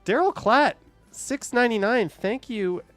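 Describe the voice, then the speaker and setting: Brief: chatty male stream host, fairly high voice, dry close sound, faint music behind. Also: animated, unhurried, a bit bright, no echo. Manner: chatty, laughs often, reads chat aloud. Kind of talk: casual live-stream chat with callers.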